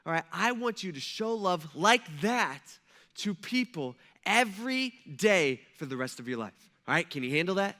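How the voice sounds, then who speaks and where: A man's voice: high-pitched, very animated, moderate pace, exaggerated voice. A man in a sermon voicing Jesus as a patient teacher who earnestly and conversationally reminds his disciples. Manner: earnest, conversational, gently probing. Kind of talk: sermon storytelling.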